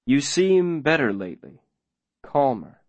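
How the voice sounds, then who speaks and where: A man voicing a calm, controlling older mayor who speaks slowly and with quiet command, in an audiobook reading. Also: medium pitch, dry recording, voice pushed up. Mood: menacing calm. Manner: slow, measured, quietly commanding. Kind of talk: audiobook character voice.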